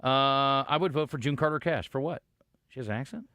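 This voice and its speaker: A man's voice: mid-range voice, a little fast, pushed and bright, smooth, dry recording, studio quality. A man hosting a radio show, joking casually with his co-host and reading listener texts aloud. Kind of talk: casual sports radio banter. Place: radio studio. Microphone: studio microphone.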